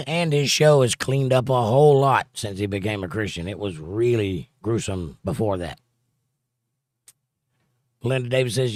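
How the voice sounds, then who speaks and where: A man's voice: mid-range voice, moderate pace, no echo, studio quality. A man hosting a livestream, casually reading viewer comments aloud and answering them. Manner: reads viewer comments aloud and chats back in a relaxed way. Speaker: livestream host.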